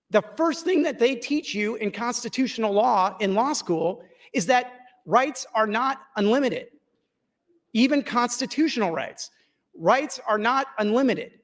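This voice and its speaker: A man losing his voice, giving a firm, lawyerly floor speech in a legislative chamber and repeating his key points. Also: extremely high pitch. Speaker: state senator in floor debate.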